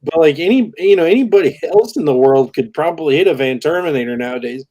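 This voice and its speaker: A man with a mellow, dark-toned voice chats casually. He stops and restarts often, padding his sentences with fillers as he searches for words. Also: on the high side, animated, highs cut off. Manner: halting, many fillers and restarts. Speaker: podcast co-host. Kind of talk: casual chat.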